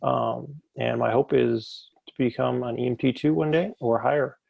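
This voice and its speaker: A man's voice: mid-range voice, fairly even intonation, moderate pace, creaky, dry recording. A young man politely introducing himself as a fire explorer in an online class. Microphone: video call. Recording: dry, muffled video-call audio.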